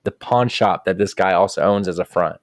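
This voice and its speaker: A man's voice: low voice, a little fast. A young man tells a story in casual podcast chat, swearing often and acting out what each person said. The sound is dry and close, with no room echo. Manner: profane, animated retelling with quoted voices. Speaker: podcast co-host.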